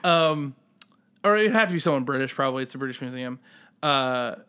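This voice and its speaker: A man co-hosting a casual podcast, his voice bright and forward. He rambles through his ideas, restarting sentences and slipping into quick acted bits. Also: medium pitch, animated, clean tone. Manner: rambling with many fillers and restarts, acting out scenes. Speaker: podcast co-host. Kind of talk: casual chat.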